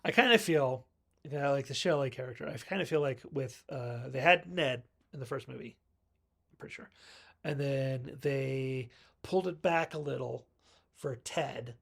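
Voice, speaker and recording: Male film reviewer, conversational recap voice, average pitch, playfully mimics characters. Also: normal speed, vocal fry, a bit bright. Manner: chatty storyteller, acts out characters' lines. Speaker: movie reviewer. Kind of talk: casual movie recap.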